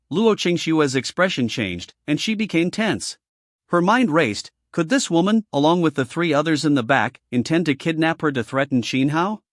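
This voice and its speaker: A man with a slightly high, lively voice narrates a story recap, voicing every character's lines without changing his voice. The recording is dry and close, with no room sound. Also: dry recording.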